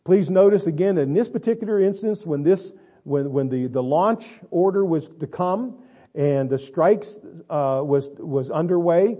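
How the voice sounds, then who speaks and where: A male pastor preaching a sermon, swinging between quiet asides and drawn-out, emphatic lines. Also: on the high side, expressive, husky, lo-fi sound. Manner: dramatic, swings between quiet and loud, stretches words.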